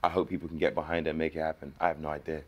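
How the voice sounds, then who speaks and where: A man, an actor guest telling lively stories in a casual interview. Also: extremely low pitch, racing, lo-fi sound. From England. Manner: animated storytelling with slang.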